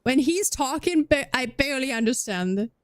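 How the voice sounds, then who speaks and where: High-pitched, clear, and resonant, her voice is expressive at normal speed, recorded cleanly in studio quality without echo. She's a young German streamer with a slight Scandinavian accent tinge, chatting loosely with viewers during a game, rambling and restarting sentences often.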